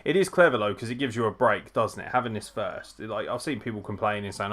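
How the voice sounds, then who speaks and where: A young man with a voice on the low side hosts a live wrestling watchalong at a quick pace. He reacts excitedly, swears often, and bursts into laughs and shouts.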